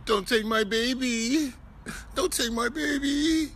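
A man's voice: very high-pitched, takes it slowly, fairly bright tone, slight background noise, voice pushed up, exaggerated voice. A man putting on the voice of a grown man whining and pleading for his baby, in a mocking roast. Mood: whimpering. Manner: whiny, pleading.

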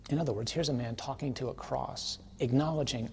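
A priest teaching on worship in an easy, conversational manner, checking in with his listeners through quick tag questions. His voice sits at a middle pitch and rises to emphatic, ringing declarations, with a faint hiss of noise under the recording. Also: vocal fry. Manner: builds to forceful, emphatic declarations.

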